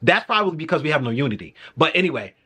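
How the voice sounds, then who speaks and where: A young man co-hosting a podcast in casual reaction chat, animated and slangy, laughing through his remarks. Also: a little high, very fast, breathy edge. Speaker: podcast co-host.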